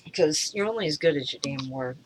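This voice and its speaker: A middle-aged woman in a rambling personal monologue, frustrated, halting, swearing freely and trailing off. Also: sits low, lively intonation, noisy background. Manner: halting, with many pauses and fillers. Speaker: vlogger.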